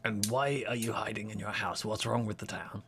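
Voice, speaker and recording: A man's voice: on the low side, fairly even intonation, a little fast, a bit bright, slightly rough. A man playing a tabletop game, talking in a playful, jokey way. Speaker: player. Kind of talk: tabletop role-play.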